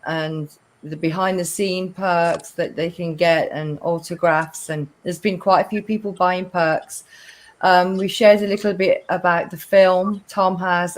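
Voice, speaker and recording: A middle-aged woman from England hosts a relaxed live-stream conversation. She is chatty and laughs easily, calling guests darling. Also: lowish voice. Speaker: host. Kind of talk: casual live-stream chat.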